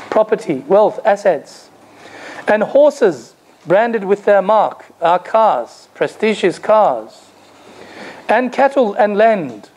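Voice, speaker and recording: A man's voice: high-pitched, darkish tone, low-quality recording. A man, an imam, giving a religious lecture to a gathering, telling stories and asking rhetorical questions with a touch of humor.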